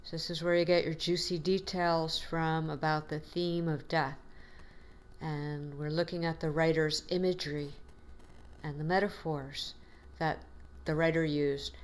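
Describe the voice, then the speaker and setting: A woman's voice: deep voice, fairly even intonation, unhurried. A woman teacher giving a classroom lecture in a patient, encouraging way, with frequent fillers.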